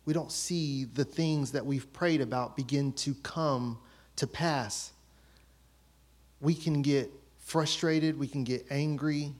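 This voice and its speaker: A man's voice: medium pitch, fairly even intonation, takes it slowly. A man in his thirties preaching a sermon as pastor, telling a story about his children and acting out their voices.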